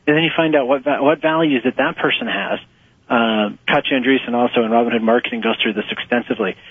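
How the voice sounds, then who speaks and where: A man guest talking through his ideas in an interview, animated and laughing often as he acts out quotes. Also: medium pitch, quick pace, gravelly, breathy edge, dry recording. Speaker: author and nonprofit fundraising guest. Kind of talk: conversational interview answers. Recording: muffled phone-line audio.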